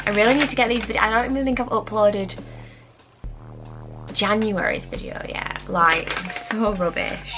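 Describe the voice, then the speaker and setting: A chatty woman vlogging an unboxing in a rambling, excitable way, slightly out of breath. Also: medium pitch, measured pace, creaky, music in the background, low-quality recording. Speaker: beauty vlogger. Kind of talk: casual unboxing chat.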